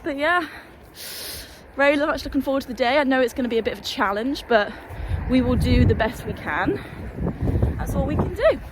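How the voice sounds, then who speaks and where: A woman's voice: sits high, brisk. Chatty woman hiking in wind. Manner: chatty, sweary, self-deprecating. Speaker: hiking vlogger. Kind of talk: casual vlog chat while walking. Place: windy hillside outdoors. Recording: windy outdoor noise.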